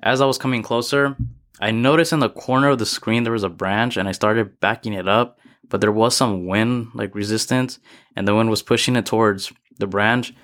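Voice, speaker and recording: A man's voice: on the low side, steady tone, normal speed, fairly bright tone. A young man hosting his own casual podcast, a little out of breath, telling a story in a rambling way with frequent restarts. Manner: rambling and self-correcting storytelling. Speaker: podcast host. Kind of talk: casual solo motivational podcast talk.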